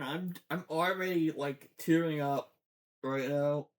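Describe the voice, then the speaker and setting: A fan commentator gives a casual breakdown of a cartoon series, rambling slowly and unhurriedly at an ordinary middle pitch. Drifting between theories and heartfelt outbursts, they swear often and easily and get teary.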